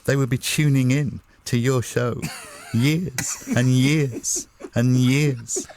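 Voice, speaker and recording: A middle-aged English man, a guest on a breakfast radio show, telling anecdotes in a lively, chuckling way. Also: medium pitch, slow, background noise. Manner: lively storyteller, chuckling often.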